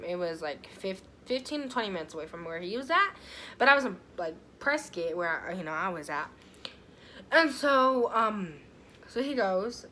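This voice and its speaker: A woman's voice: mid-range voice, fairly bright tone, a little hiss or hum. A young woman telling a storytime vlog in a chatty, casual way, full of fillers and swearing. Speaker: vlogger.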